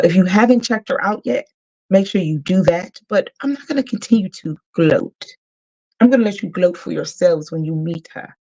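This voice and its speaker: A woman hosts a casual live stream, building up excitement and leaning on repetition to drive her points home. Her sound is slightly dull and lo-fi. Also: lowish voice. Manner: hype, warm-up, repeats herself for emphasis. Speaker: host.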